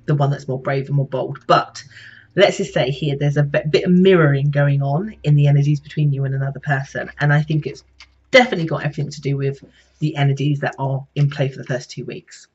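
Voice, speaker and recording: A woman's voice: deep voice, steady tone, a little fast, a little mellow, husky, muffled recording. A woman psychic reader giving a casual, chatty horoscope reading that speaks straight to her viewers. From Britain. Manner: chatty, conversational, addresses viewers directly.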